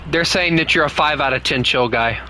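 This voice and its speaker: A man's voice: on the high side, brisk, pushed and bright, a little hiss or hum, poor audio. A man, chatting casually with teammates and chat while streaming a game, laughing often. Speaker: gaming streamer. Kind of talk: casual live gameplay chat.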